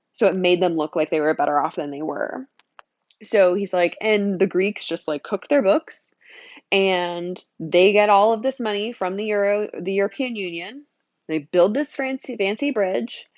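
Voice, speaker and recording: A woman's voice: mid-range voice, dry recording, highs cut off. A woman teaching a casual, chatty lecture, talking conversationally with many fillers and asides.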